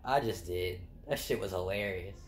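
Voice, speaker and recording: Young male vlogger, lowish pitch, loose chatty storyteller who laughs at his own anecdotes. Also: moderate pace, slight background noise. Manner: rambling, laughs at own stories, swears casually. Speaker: food court worker. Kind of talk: casual storytelling.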